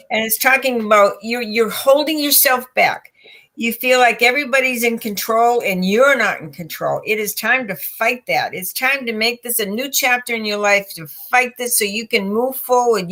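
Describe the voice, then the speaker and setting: A woman's voice: on the high side, sharp tone. A woman with a Boston accent giving direct, encouraging tarot readings on a live stream in firm, short commands. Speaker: tarot and psychic reader.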